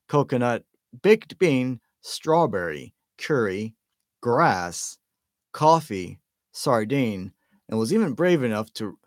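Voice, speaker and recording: A man reading a storybook aloud in a lively way, with stumbles and self-corrections. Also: mid-range voice, no room sound, clean studio sound. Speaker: amateur audiobook reader. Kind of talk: storybook narration.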